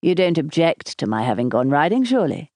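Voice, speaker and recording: A woman's voice: low-pitched, sing-song, fairly quick, darkish tone, no room sound. A woman voicing a charming, teasing husband in his thirties for an audiobook, speaking in a light, playful and affectionate way.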